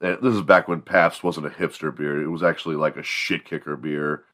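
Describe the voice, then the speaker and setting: Low, bright-voiced man telling profane stories. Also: a little fast. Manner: profane, rambling, animated. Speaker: morning show host. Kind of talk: comedic storytelling.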